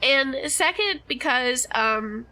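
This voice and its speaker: A woman's voice: high voice, expressive, slow pace, bright, forceful tone. A young woman chatting casually and playfully with her chat while playing a game on stream, laughing often. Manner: giggly and playful.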